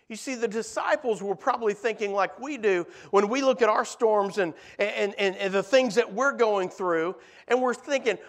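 A man preaching a sermon in a church, earnest and repetitive, his voice dropping soft at the ends of phrases. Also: sits high, expressive, normal speed. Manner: earnest, repeats words in lists, voice drops soft at phrase ends. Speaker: pastor.

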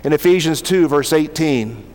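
A male pastor preaching a sermon, reading scripture aloud and slowing down to stress key words. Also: a little high, a little mellow, big-room sound.

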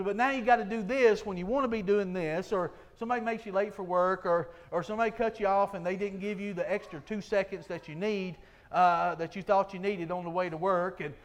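A man preaching a sermon in an earnest, folksy way, full of rhetorical questions. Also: high-pitched.

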